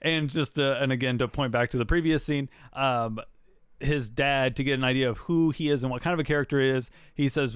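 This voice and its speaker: A man with a smooth, clear voice tells a story in a loose, rambling way, laughing along with it. He is recorded close and dry in a casual podcast chat. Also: medium pitch, a little fast, no echo. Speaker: podcast co-host.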